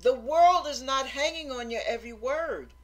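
A woman's voice: high voice, normal speed. A middle-aged woman giving an informal Christian sermon in an earnest, exhorting way, repeating phrases for emphasis. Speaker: Christian teacher.

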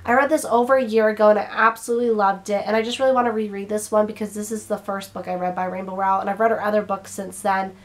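A woman's voice: medium pitch, fairly even intonation, fast talker, few pauses. Young woman with a strained throat. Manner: chatty, rambling, some stumbling over words. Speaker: book vlogger. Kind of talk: casual chat to camera.

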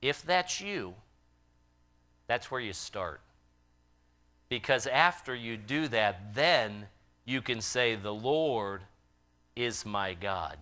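A man preaching a sermon in a church, swinging from loud impassioned calls to quiet, earnest appeals. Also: mid-range voice, animated, takes it slowly, long pauses. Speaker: pastor. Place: church sanctuary.

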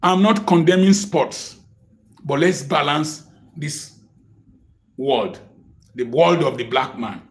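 A middle-aged man preaching a sermon, impassioned and full of rhetorical questions, sometimes breaking into shouts. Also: a little high, takes it slowly, pauses often. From Africa.

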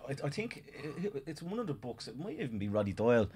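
Fast-talking earnest Irish man. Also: mid-range voice, big pitch swings, a little mellow, breathy edge. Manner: earnest, rapid, argumentative with restarts. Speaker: guest author. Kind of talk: casual discussion.

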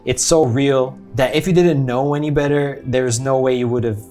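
A man's voice: medium pitch, fairly even intonation, moderate pace, mellow, soft background music. A man with an American accent giving a casual, rambling movie review, chatty and often correcting himself mid-sentence. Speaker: film reviewer.

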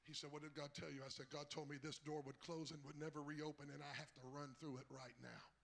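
Bishop, male, high bright gravelly voice, husky, storytelling that climbs to shouting. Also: little pitch movement, brisk. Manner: rises from low storytelling to shouted, high-pitched preaching. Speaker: bishop, guest preacher. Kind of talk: sermon storytelling building to shouted preaching.

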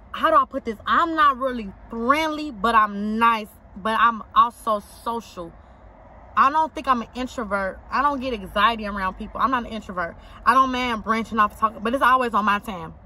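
A woman's voice: on the high side, bright, forceful tone. A young woman vlogging to camera from inside a parked car, talking emphatically in slangy, repetitive bursts while she eats. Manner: emphatic, repeats herself for punch, slangy. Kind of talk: casual eating vlog talk to camera. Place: inside a parked car outside an auto shop.

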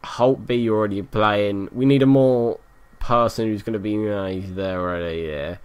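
A man giving live gameplay commentary, excitable, swearing often and yelling at the game. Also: on the low side, moderate pace, smooth. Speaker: gaming YouTuber.

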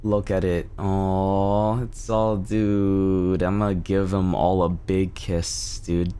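Low, slow-talking male streamer. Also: little pitch movement, mellow, clean tone. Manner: laid-back, swears often, gushing. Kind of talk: casual gaming stream chat.

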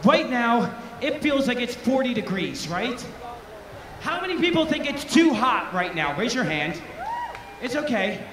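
A very high-voiced man who swings up and down as he fronts a band, teasing and rousing the audience between numbers. His voice rings out in an echoey festival tent with loud live music behind him. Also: sing-song, measured pace. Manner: joking, rousing, calls out to the crowd. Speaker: bandleader. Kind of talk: onstage crowd banter.

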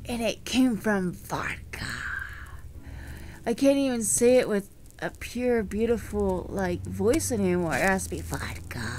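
A woman's voice: mid-range voice, expressive, unhurried, a little mellow, slight background noise. A young woman chatting casually to her vlog camera, rambling and giggly with lots of filler words. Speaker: vlogger.

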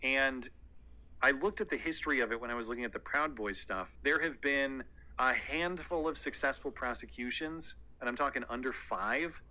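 A man's voice: medium pitch, moderate pace, pushed and bright, poor audio. A man co-hosting a podcast, explaining a court case in a dry, sardonic way. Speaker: podcast co-host. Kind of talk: podcast commentary.

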